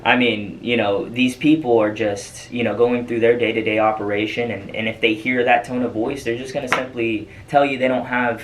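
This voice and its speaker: A man's voice: mid-range voice, level tone, moderate pace, few pauses, recorded from a distance, a little hiss or hum, low-quality recording. A man talking casually as a sales trainer, loose and chatty with many fillers and repeats. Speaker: freight broker trainer. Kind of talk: casual coaching monologue.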